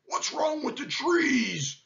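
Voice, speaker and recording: A man's voice: high voice, unhurried, lo-fi sound, pitched above the performer's own voice. A man voicing a big, grumpy male lion who roars and exclaims in a storybook reading. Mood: alarmed. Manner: roaring, exclaiming.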